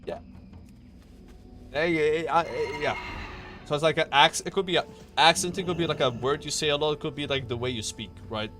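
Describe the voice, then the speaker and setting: A man's voice: fairly high pitch, fast talker, bright, forceful tone, faint music behind. A young man chatting casually on a stream, rambling, swearing and filling with "like" and "you know.".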